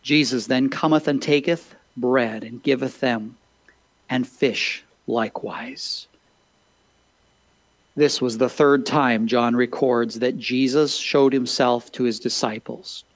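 A man's voice: mid-range voice, fairly even intonation, slow pace, no echo, low-quality recording. A man pastor preaching a sermon, reading scripture and asking listeners rhetorical questions, with frequent "uh" fillers.

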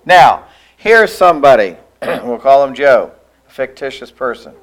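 A man preaching a sermon in a church, emphatic, slowing down to stress key lines and having the listeners repeat phrases after him. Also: medium pitch, very animated, low-quality recording.

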